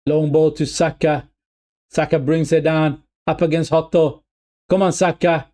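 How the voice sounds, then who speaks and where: Fan streamer, male, slightly high voice, excitable and repetitive, addresses viewers as "people". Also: unhurried. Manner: calls the play loosely, repeating himself. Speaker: watch-along streamer. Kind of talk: live football watch-along commentary.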